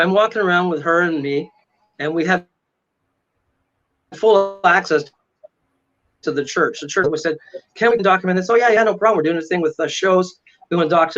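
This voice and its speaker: Excitable high-voiced man, dramatic storyteller, muffled lo-fi audio. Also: normal speed, long pauses, soft background music. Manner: excitable, dramatic retelling with frequent "right?". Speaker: paranormal investigator guest. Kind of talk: animated storytelling in casual interview.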